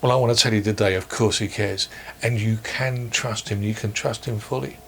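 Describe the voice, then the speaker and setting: A man preaching a sermon for online worship, measured and earnest, posing questions to his listeners. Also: fairly low pitch, fairly even intonation, a bit bright, a little hiss or hum. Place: church or home, recorded for online worship.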